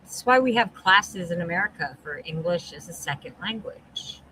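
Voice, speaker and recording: A woman's voice: on the low side, lively intonation, moderate pace, bright, forceful tone, a little hiss or hum, poor audio. A woman hosting a livestream, reacting with exasperated, blunt, profanity-laden commentary. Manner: exasperated, heavy swearing, blunt.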